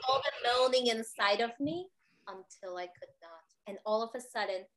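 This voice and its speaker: A woman telling a personal story in an expressive way. She often ends her sentences with "right?" and acts out the voices of the people in her story. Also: fairly high pitch, moderate pace. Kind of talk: animated anecdote telling.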